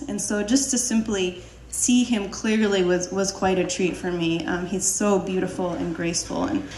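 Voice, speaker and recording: A woman's voice: medium pitch, reverberant, a little hiss or hum. A woman telling a personal story live on stage, laughing often, with many fillers and restarts.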